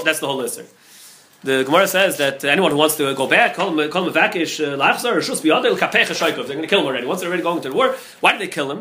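Rapid-fire rabbi teaching Talmud. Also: male voice, fairly high pitch, pushed and bright. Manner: rapid, repetitive, heavy with Hebrew and Yiddish terms. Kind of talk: Talmud class lecture.

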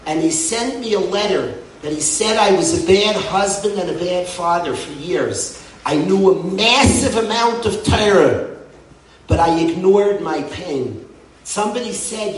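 Middle-aged man, fervent yeshiva head addressing a crowd, loud-to-hushed swings, distant in an echoing hall. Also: sits high, lively intonation, normal speed, a little hiss or hum. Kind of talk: emotional speech to a crowd. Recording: echoey hall, mic from afar.

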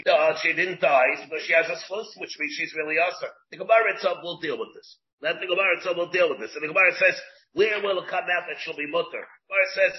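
Man, rabbi teaching Talmud, slightly high voice, explains step by step with restarts. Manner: explains slowly, mixes Hebrew and Aramaic terms into English, many restarts. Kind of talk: Talmud class lecture. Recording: dull lo-fi class recording.

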